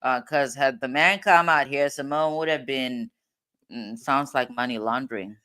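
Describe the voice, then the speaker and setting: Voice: mid-range voice, normal speed, sharp tone, smooth. A host giving casual commentary, thinking aloud and laughing often.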